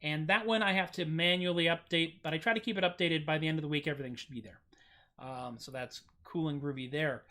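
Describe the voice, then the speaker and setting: An American man hosting a casual livestream from home, chatty and self-mocking, with goofy jumps up in pitch on his jokes. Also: fast, pushed and bright. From United States. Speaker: streaming musician host.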